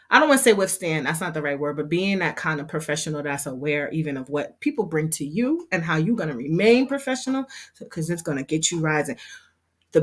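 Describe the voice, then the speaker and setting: Chatty woman with a low voice. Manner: chatty, laughs often, lots of fillers and restarts. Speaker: hair business owner and instructor. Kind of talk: casual livestream chat.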